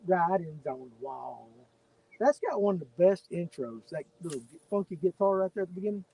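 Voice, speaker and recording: A man's voice: high voice, animated, quick pace, dark tone, slightly rough, low-quality recording. Joking man fishing on a lake. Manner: joking, drawling banter with a friend. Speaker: fishing video host. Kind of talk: casual chat while fishing. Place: outdoors on a boat on a lake.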